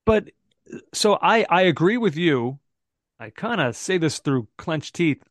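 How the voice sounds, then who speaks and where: Chatty higher-voiced man, rambling. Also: expressive, measured pace, no room sound. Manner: rambling, thinks aloud with many fillers and restarts. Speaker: podcast co-host. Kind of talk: casual football podcast chat.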